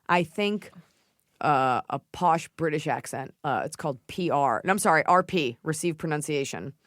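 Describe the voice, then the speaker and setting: Woman host, casual comic chat, slightly low voice, dry close-miked studio. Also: expressive, normal speed, dry recording. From United States. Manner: playful, puts on accents mid-sentence. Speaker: podcast host.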